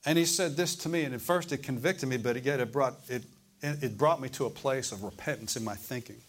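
A pastor with a mid-range voice delivers his sermon a little fast, asking the congregation questions. His delivery moves between loud and hushed.

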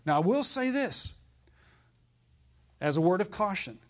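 A man's voice: high-pitched, sing-song, a little slow. A pastor preaching to his church. He is folksy and fiery and keeps asking the congregation for an amen. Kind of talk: sermon.

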